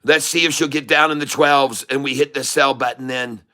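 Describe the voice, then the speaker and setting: A man's voice: mid-range voice, steady tone, normal speed, pushed and bright, clean tone. A middle-aged man hosting his channel, giving live trading commentary and urging viewers to buy and sell. He repeats himself and sometimes jokingly puts on a foreign accent. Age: middle-aged or older. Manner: puts on a playful foreign accent to mix things up; repetitive, hype-style urging to buy and sell. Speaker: day trader and channel host.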